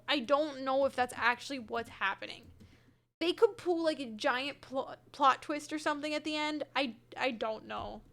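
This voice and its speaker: A woman's voice: sits high, bright, forceful tone. A young woman streaming a game from her room, chatting casually, hedging her answers and replying to viewers by name. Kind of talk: casual gameplay chat, reading chat. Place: home room with her cat.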